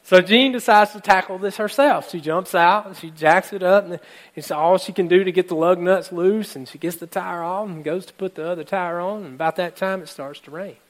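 Animated male pastor telling a story. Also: high voice, a little fast. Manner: animated, acts out characters' lines, addresses congregation. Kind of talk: sermon storytelling.

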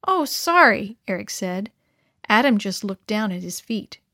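A woman reading a children's story aloud to young listeners in a gentle, clear, expressive way. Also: mid-range voice, moderate pace, no echo, clean studio sound.

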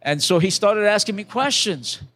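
A man's voice: high voice, lively intonation, moderate pace, fairly bright tone. An older man, a pastor, preaching a sermon as a conversational testimony, with restarts and acted-out quotes.

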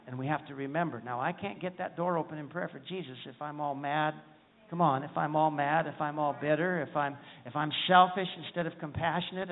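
A man's voice: on the high side, in a large hall. A man preaching a folksy, humorous sermon, often asking the congregation for an amen. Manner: folksy, humorous, calls for amens. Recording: tinny phone-like sound.

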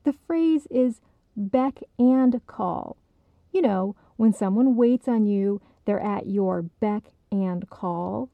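A woman voicing a patient young woman who gently corrects her friend with amusement. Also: mid-range voice, slow pace, vocal fry, no room sound, phone-quality sound. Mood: correcting.

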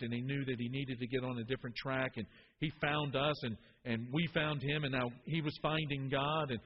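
A man's voice: medium pitch, in a large hall, lo-fi sound, slight background noise. A man preaching a sermon, earnest, often repeating words as he builds to a point.

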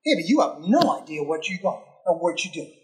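Animated preacher telling a story. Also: medium pitch, a little fast. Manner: animated storytelling with rhetorical questions; emphatic, repeats phrases for effect. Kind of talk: conversational sermon.

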